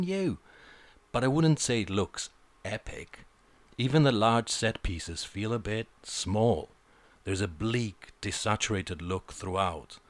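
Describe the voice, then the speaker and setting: Deep-voiced blunt male film critic. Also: no room sound. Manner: blunt, sarcastic, swears often. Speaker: film reviewer. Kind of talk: opinionated film review monologue.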